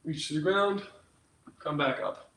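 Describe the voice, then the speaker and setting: A man's voice: on the high side, a little slow, a bit bright, a little hiss or hum. A young man leading a live home workout class, counting down reps and joking along the way. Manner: upbeat, jokey, counts down reps. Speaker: fitness instructor. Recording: echoey room, far from the mic.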